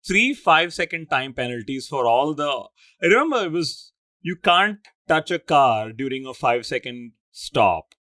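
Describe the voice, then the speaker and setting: A man's voice: a little high, pushed and bright, no room sound, studio quality. A man co-hosting a podcast, chatting in a blunt, opinionated way with touches of self-aware humor. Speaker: podcast co-host. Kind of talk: casual podcast chat.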